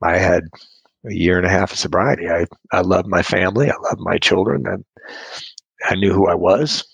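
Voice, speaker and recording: A middle-aged man tells a long personal story in a conversation, wandering off course and poking fun at himself. His voice is low, gravelly and husky. The sound is dry and close, with no room echo. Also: normal speed, fairly bright tone. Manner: rambling and self-deprecating, with frequent restarts and chuckles.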